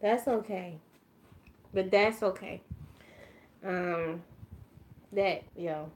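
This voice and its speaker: A woman's voice: medium pitch, very slow, long pauses, a little hiss or hum. Tearful, chatty woman vlogger. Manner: emotional, tearful and effusive, chatty; drops to a quiet murmur while concentrating. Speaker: beauty vlogger. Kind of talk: casual chat while doing makeup.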